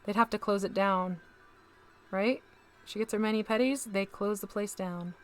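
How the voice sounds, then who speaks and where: A woman's voice: medium pitch, steady tone, moderate pace, soft background music. A woman hosting a casual live stream, chatting to viewers as she paints miniatures and talks through each step.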